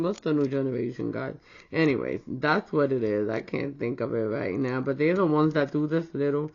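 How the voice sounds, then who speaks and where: Chatty woman vlogger, playful and slangy, muffled home audio. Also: low-pitched. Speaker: nail art vlogger. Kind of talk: casual demo chat.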